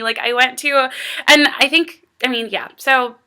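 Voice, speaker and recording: A woman's voice: a little high, expressive, normal speed, bright, forceful tone, clear, resonant tone. An American woman talking casually to her camera as a vlogger, rambling and earnest with lots of fillers. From United States.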